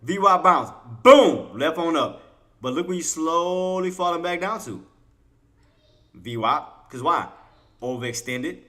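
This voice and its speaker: A man's voice: a little high, animated, a little slow, pushed and bright. A man hosting a live trading stream, talking to his chat in a casual, colloquial way, repeating himself and quizzing viewers. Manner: casual colloquial speech, talks to chat as y'all. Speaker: trading livestream host. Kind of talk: live intraday trading commentary.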